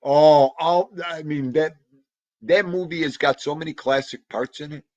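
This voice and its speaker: Reading viewer comments and chatting on a casual livestream, this man rambles in an animated way and bursts into sudden loud exclamations. He speaks a little slowly in a voice on the high side, and the recording is dry and muffled.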